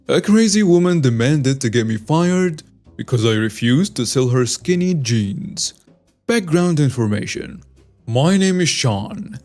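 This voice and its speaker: A man narrating scripted online stories in an animated storytelling manner, reading lists item by item. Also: mid-range voice.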